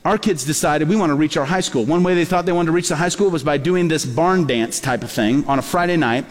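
A male pastor preaching a sermon in a church, telling stories in a lively way and acting out the voices of the people in them. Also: a little high, fast. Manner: lively storyteller who acts out quoted voices. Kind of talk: storytelling sermon. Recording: long hall reverb.

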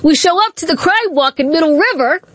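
A woman's voice: very high-pitched, expressive, fairly quick, a bit bright, no echo. A woman hosting talk radio, speaking in a combative, indignant way with repeated rhetorical questions.

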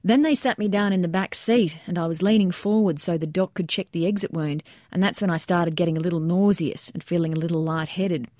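A woman's voice: fairly low pitch, brisk, hardly any pauses, dark tone, dry recording, studio quality, natural voice. A woman voicing a wounded male army first sergeant recounting events in a plain, matter-of-fact way.

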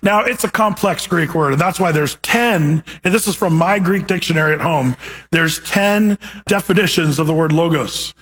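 Man, pastor, sermon, raised pitch, breathy tone, casual teaching with questions. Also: moderate pace, a bit bright. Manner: conversational teaching with rhetorical questions.

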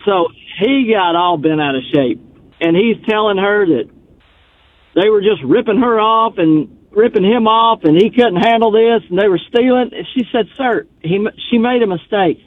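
A man tells a story down a phone line. He speaks in a folksy drawl, his voice sitting high for a man. The call sounds thin and tinny, with no room around it. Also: moderate pace, dry recording. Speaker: radio caller.

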